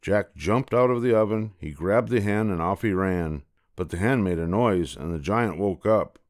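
An older man reads a children's fairy tale aloud at a gentle, unhurried pace. His voice is deep and low. It is recorded on a close mic in a dry, dead-sounding space. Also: expressive, dry recording. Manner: slow, gentle, repetitive storytelling. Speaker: storyteller.

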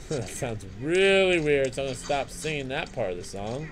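An excitable young man commentating a video game, his voice leaping up and down as he trash-talks enemies and chants silly rhymes. He talks a bit high for a guy, and faint music runs underneath. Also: normal speed. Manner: excitable, trash-talking, jokey asides, sing-song chanting. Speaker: gaming channel host. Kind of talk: let's play commentary.

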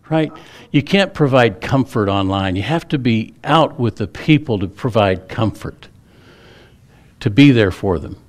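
A middle-aged man, a pastor preaching a sermon in a church, telling stories in a folksy, humorous way. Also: mid-range voice. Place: church sanctuary.

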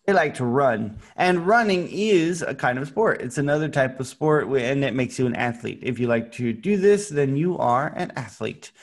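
A man teaching English to children in an online class, speaking slowly and clearly with a patient, playful manner. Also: mid-range voice, animated. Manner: patient, slow and clear, playful sound effects.

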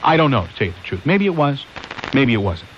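A fast-talking man with a mid-range voice and big pitch swings hosts a conservative call-in radio show. He wanders from point to point and keeps throwing rhetorical questions at his audience, all through hissy, lo-fi 1990s AM sound.

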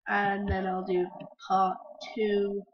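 A woman giving let's-play commentary on a home computer mic, chatty and breaking into sudden excited shouts. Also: mid-range voice, slow pace, slight background noise. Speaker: gamer playing a video game. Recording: dull lo-fi mic.

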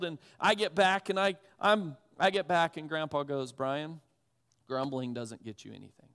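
A pastor delivering a sermon in a conversational, animated, self-deprecating storytelling manner. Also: male voice, high-pitched, clear, resonant tone. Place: church sanctuary. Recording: long reverb of a church hall.

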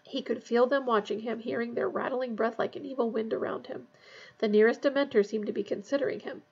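A woman narrating a fantasy novel aloud in a tense, hushed storytelling manner. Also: fairly high pitch, gravelly, slightly rough, dull audio. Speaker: audiobook reader.

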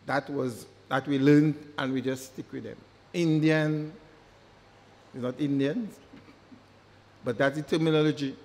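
A man giving a public lecture, emphatic, often repeating words for stress. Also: a little high. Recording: long hall reverb.

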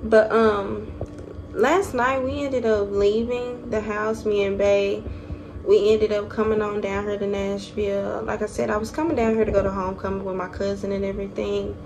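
A woman's voice: medium pitch, moderate pace. A young woman telling a story to her viewers in a casual vlog, talking animatedly and cussing. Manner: animated, profane, addresses viewers as y'all. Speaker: vlogger. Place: hotel room. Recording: noisy phone recording.

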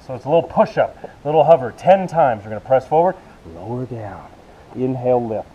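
A man's voice: medium pitch, animated, fairly quick, breathy edge, highs cut off. A man leading a yoga workout, counting reps and cueing moves while he exercises, out of breath. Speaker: fitness instructor. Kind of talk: coaching a workout video.

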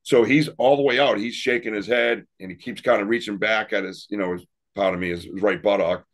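Rambling man telling ghost stories, low voice. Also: fairly quick. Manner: rambling, animated, laughs often. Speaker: paranormal investigator and podcast guest. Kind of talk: casual interview storytelling.

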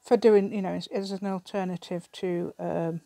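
A middle-aged woman with an English accent talks to her table camera while she crafts, her voice sitting slightly low. She rambles and thinks aloud, often breaking into a laugh between thoughts. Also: fairly even intonation, moderate pace, gravelly, warm tone, dry recording. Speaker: craft vlogger. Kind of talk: casual chat while crafting.

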